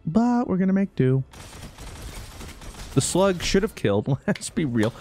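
A young man giving jokey, excitable commentary over his own gameplay, breaking into sudden loud outbursts. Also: high-pitched, a little slow, faint music behind. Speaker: gaming YouTuber.

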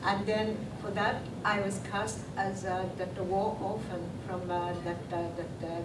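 An older woman with an English accent telling an anecdote at a convention panel, halting with many restarts and laughing a lot. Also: medium pitch, flat delivery. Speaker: panel guest, actress. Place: convention hall. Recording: echoey hall from far off with loud noise.

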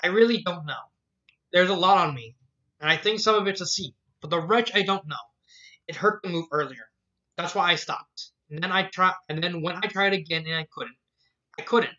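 Man reading as shy bookish young woman, halting, bright voice, dull lo-fi sound. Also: high voice. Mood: fragile. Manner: halting, unsure phrasing.

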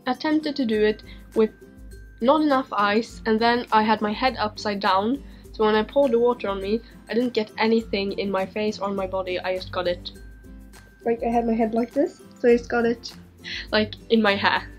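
A woman's voice: on the high side, moderate pace, soft background music. A young woman in her teens from Sweden, chatting on camera in her bedroom, rambling and giggling, her voice strained and fading. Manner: rambling, giggly, self-interrupting. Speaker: vlogger. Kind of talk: casual chat answering viewer questions.

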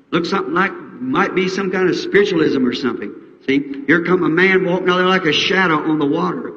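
A middle-aged American man preaching a revival sermon, folksy and fervent, rising to high emotional peaks. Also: animated, brisk, a bit bright, dull audio. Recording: 1960s archive tape in an echoey hall.

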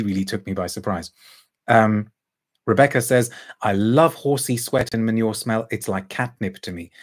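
A man reviewing a perfume in a thoughtful, musing way, reading out viewer comments and answering them. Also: on the low side. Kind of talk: casual live review chat.

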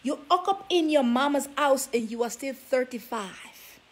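A woman's voice: high voice, expressive, moderate pace. A woman vlogger giving relationship advice, scolding her listeners with sassy rhetorical questions. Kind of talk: preachy talk to camera.

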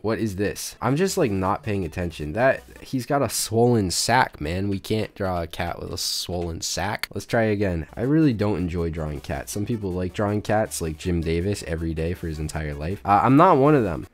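A man's voice: low voice, expressive, moderate pace, few pauses. Rambling sick man doodling on stream. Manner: rambling, jokey, talks to chat. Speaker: YouTube drawing creator. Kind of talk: casual drawing commentary.

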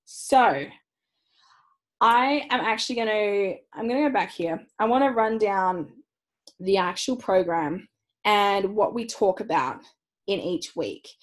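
A bubbly woman hosts a live online call, pitching her coaching program in a loose, chatty way. She swears freely and laughs easily. Her pitch is mid-range for a woman. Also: lively intonation, unhurried, poor audio. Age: young adult. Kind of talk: live webinar sales pitch.

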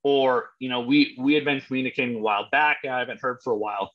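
A man's voice: medium pitch, quick pace, highs cut off. A man coaching real estate agents in a blunt, emphatic way, cursing freely as he makes his points. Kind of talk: live coaching talk.

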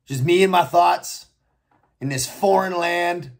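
A man's voice: sits high, takes it slowly. An American man telling his own story in a blunt, profane and reflective way. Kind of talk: personal storytelling monologue.

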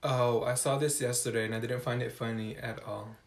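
A man's voice: medium pitch, steady tone, roomy sound. A man performing a comedy sketch in which he plays every part himself. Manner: switches fast between sassy students and a teacher. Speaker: comedy sketch creator playing all parts. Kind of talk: sketch comedy, voicing several characters.

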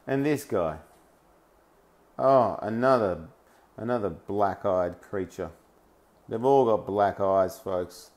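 A man's voice: on the low side, slow, long pauses, darkish tone. A man with an Australian accent giving a mocking, ranting commentary over news clips. He often laughs between phrases and hammers home points with lists of single words. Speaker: online commentator.

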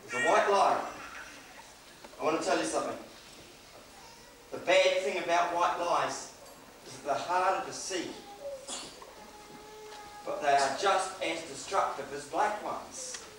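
A man's voice: fairly high pitch, very animated, measured pace, long pauses. A man with a New Zealand accent preaching a sermon in a church, conversational and joking now and then. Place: church hall. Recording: echoey hall, distant mic, faint hiss.

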